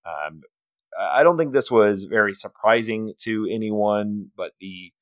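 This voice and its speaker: A man with a somewhat low voice co-hosts a sports podcast. He talks casually and hesitantly, filling his sentences with "uh" and "you know". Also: expressive, unhurried. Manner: hesitant, full of fillers. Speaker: podcast co-host.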